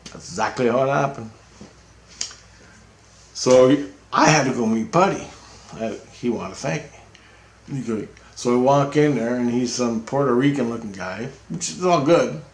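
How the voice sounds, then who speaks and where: A man tells a rambling story out loud, swearing freely and breaking into laughs along the way. His voice sits at an ordinary middle pitch. The sound bounces around an echoey room. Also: a little hiss or hum. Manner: rambling, profane, laughs often while talking. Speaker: vlogger telling a personal story. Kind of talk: casual storytelling.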